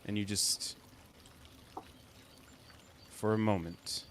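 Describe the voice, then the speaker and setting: A man game master narrates a tabletop game slowly and descriptively. His voice sits fairly low, and his delivery is unhurried and measured over a faint background hiss. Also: fairly even intonation.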